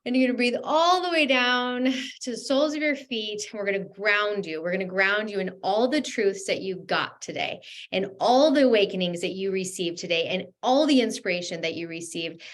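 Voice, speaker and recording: A host on a video call who gushes with affection and gratitude, her voice often dropping soft and low. She then guides the group through slow breathing, grounding them. Her pitch is mid-range for a woman. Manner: effusive, gushing, softly spoken. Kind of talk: closing remarks and guided breathing.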